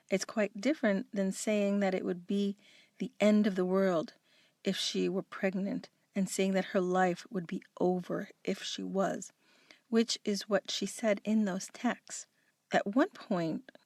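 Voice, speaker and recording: A woman's voice: mid-range voice, a little mellow, no echo, clean studio sound. Earnest woman breaking down a case. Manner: earnest, emphatic, judging. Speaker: true-crime commentator. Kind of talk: analytical true-crime commentary.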